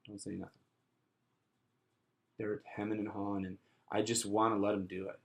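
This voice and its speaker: A man's voice: fairly low pitch, flat delivery, moderate pace, creaky, long pauses. Chatty man giving sales training. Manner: casual, chatty, acts out customer dialogue, many fillers.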